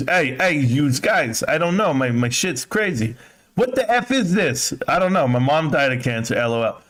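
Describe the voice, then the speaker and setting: A man's voice: mid-range voice, lively intonation, fairly quick, fairly bright tone. Crude joking man in his fifties. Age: 50s. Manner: crude, joking, mocking impressions. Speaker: livestream host. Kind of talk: casual live-stream chat reading comments.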